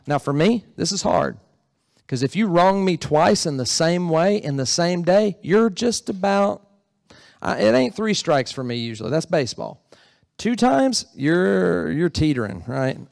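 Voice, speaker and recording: Fairly high yet creaky and darkish, this man's voice swings widely in pitch as he speaks a little slowly. He's a pastor preaching conversationally in a church sanctuary, asking the congregation questions, recorded in clean studio sound with no room ambience.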